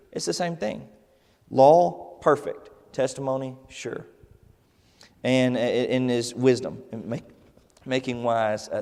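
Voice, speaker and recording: A man's voice: medium pitch, a little mellow, long reverb tail. A man teaching a Sunday Bible class in a casual, conversational way, with many fillers and restarts. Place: church classroom.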